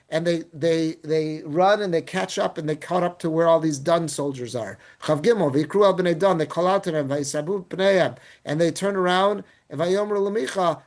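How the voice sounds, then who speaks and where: A man teaching as a rabbi, reading Hebrew verses and then retelling them in casual, animated English. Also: high-pitched. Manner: animated storytelling. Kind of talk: Torah class.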